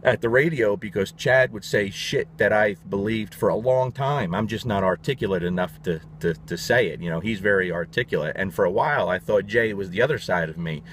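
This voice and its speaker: Blunt, animated man, low voice. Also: slight background noise. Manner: animated, blunt and profane, quick restarts. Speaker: dog trainer. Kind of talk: casual storytelling.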